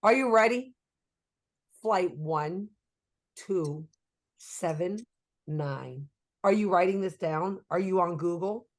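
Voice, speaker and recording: A woman's voice: mid-range voice, fairly quick, few pauses, natural voice. A woman mimicking her pushy uncle, who gives curt orders and skips any greeting. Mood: bossy.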